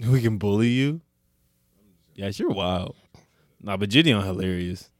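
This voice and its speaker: A man's voice: fairly low pitch, animated, a little slow, no room sound. A man co-hosting a casual podcast chat, telling stories in a laid-back, slangy way. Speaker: podcast co-host.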